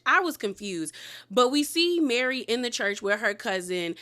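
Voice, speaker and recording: A woman with a bright, forceful voice that sits a little high, recapping a TV episode in a loose, chatty way. She talks animatedly and laughs through her asides, sometimes dropping to a whisper for a candid remark. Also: big pitch swings, normal speed. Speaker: reality TV recap host. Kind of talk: casual TV episode review.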